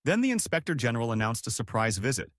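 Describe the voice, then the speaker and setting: A man reading scripted stories aloud as a narrator, with a lively, dramatic storytelling delivery. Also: mid-range voice, fast talker, dry recording, studio quality.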